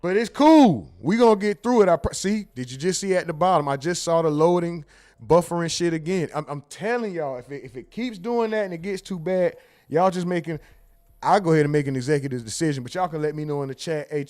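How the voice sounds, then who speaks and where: A man hosting a livestream in casual chat, telling jokes and acting out exchanges with sudden loud outbursts, speaking. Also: on the high side, fast. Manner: animated joking storyteller, acts out exchanges with loud outbursts. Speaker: livestream host.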